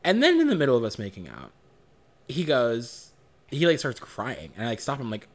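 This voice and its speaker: This young male podcast co-host speaks at a normal pace in a medium pitch, his intonation swinging hugely up and down. He tells a story casually, swears often, and performs the lines he quotes.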